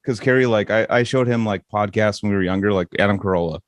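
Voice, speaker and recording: Low voice dude telling a long story, swears a ton, "like" every other word, dry sound. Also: male voice, quick pace, dry recording. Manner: rambling, heavy swearing, many "like" fillers. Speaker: podcast guest. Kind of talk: casual storytelling chat.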